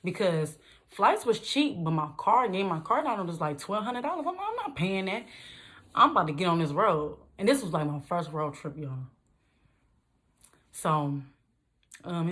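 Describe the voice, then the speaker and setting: In an easygoing vlog, a young woman from Detroit, USA tells stories directly to her viewers. Her voice is a little low, rising sharply in pitch to make a point, and she's animated and relaxed, laughing frequently.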